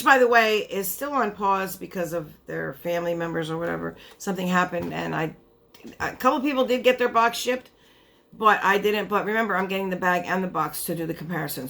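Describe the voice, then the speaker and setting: Medium in pitch and a bit bright, a young vlogger's voice carries her casual chatter through a beauty box unboxing. Tired, with her voice giving out, she rambles and keeps interrupting herself.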